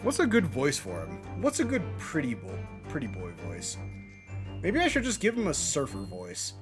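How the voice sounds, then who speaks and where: A man's voice: medium pitch, wildly swooping pitch, moderate pace, music in the background. A man streaming a game, musing aloud and questioning himself in casual commentary.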